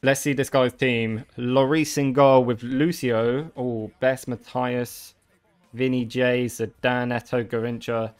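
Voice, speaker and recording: Young guy, clear smooth voice, swings from calm play-by-play to loud swearing outbursts. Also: medium pitch, takes it slowly. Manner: excitable, swears often, shouts at big moments. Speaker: gaming video creator. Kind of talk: live gameplay commentary.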